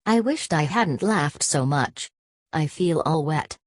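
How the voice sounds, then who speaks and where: A woman reading a bold young barmaid who mocks and yells with laughter. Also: deep voice, lively intonation, slow pace, slightly rough, dry recording, studio quality, heavily acted. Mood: teasing. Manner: mocking, yelling.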